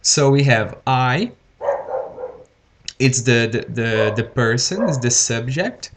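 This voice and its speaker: Slow, careful male teacher. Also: mid-range voice, background noise. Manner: deliberately slow, repeats words and says okay often. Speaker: English teacher. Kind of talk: live-streamed grammar lesson.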